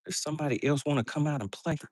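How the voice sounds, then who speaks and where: A man's voice: on the high side, racing, a little mellow, no room sound, studio quality. A man hosting a fishing livestream from a boat, chatting casually and reading out viewer comments with frequent laughs.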